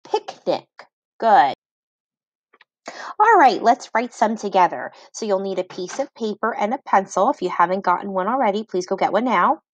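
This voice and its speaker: A woman reading teacher giving a phonics lesson to children, sounding words out slowly syllable by syllable and praising each try. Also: medium pitch, lively intonation, no room sound, lo-fi sound.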